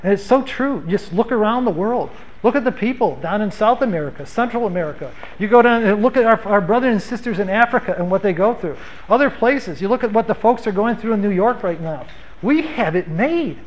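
High-voiced man preaching a sermon. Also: lively intonation, fairly quick, low-quality recording. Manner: conversational, earnest, with frequent restarts and rhetorical questions. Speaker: pastor.

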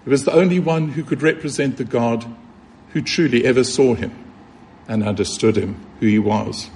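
A man's voice: mid-range voice, moderate pace, darkish tone, a little hiss or hum. A man preaching a sermon, earnest and emphatic, repeating key points and asking rhetorical questions.

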